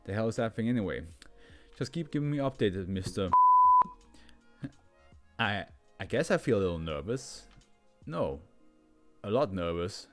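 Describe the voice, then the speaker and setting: A man's voice: lowish voice, animated, measured pace, long pauses, soft background music. A man voicing a panicked male prisoner who hears voices, stammering and swearing as his voice climbs. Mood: nervous. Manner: frantic, stammering, swearing, voice rising.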